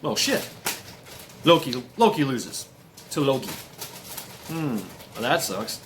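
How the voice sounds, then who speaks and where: A man's voice: mid-range voice, very animated, slow, fairly bright tone, a little hiss or hum. A man casually retelling a myth, rambling and hesitant with many fillers. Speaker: storyteller.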